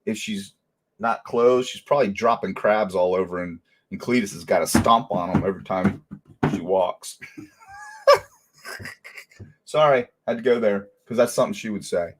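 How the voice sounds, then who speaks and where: Laughing, lower-voiced man telling stories. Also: moderate pace, long pauses, noisy background. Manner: animated storytelling, laughs often. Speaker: livestream host. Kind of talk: casual livestream chat.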